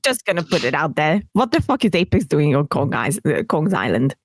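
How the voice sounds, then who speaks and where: Blunt lower-voiced woman, lively. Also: brisk, no room sound. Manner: blunt, profane. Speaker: podcast co-host. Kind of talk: casual chat.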